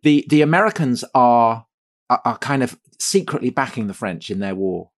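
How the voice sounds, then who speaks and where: Male co-host, mid-pitched, asks questions with halting repeats. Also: lively intonation. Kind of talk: conversational podcast discussion.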